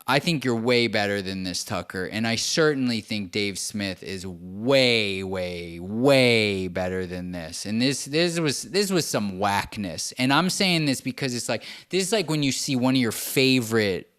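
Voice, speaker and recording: A man's voice: on the low side, animated, measured pace, few pauses, fairly bright tone, clear, resonant tone. A man hosting his own show, ranting in casual, profane, sarcastic commentary and laughing as he talks. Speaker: podcast host.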